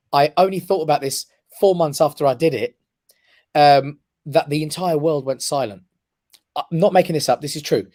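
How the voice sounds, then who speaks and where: A man, a guest on a talk show, telling a personal story with lively emphasis and frequent "right?" check-ins. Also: on the high side, dry recording, clean studio sound. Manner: animated storyteller who keeps checking in with "right?". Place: his office.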